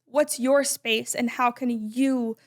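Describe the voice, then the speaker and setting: A woman in her twenties, a podcast guest talking in a loud, emphatic, chatty way with many "like"s. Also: a little high, steady tone, slow pace. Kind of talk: casual conversation.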